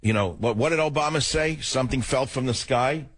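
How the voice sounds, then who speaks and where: A man's voice: a little fast, dry recording. An older man hosting a talk radio show, emotional and emphatic, in a studio. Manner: emphatic, emotional, swings between loud and low. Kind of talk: political talk radio monologue. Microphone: studio microphone.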